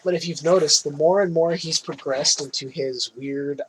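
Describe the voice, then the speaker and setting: A man's voice: fairly high pitch, normal speed, a little hiss or hum, low-quality recording. A man podcast co-host recapping a film in casual chat, loose and swearing, laughing often.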